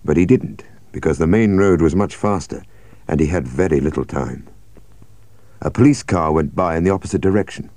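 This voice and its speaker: A man narrating a story with a measured, expressive reading. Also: low voice, no echo. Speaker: audiobook narrator.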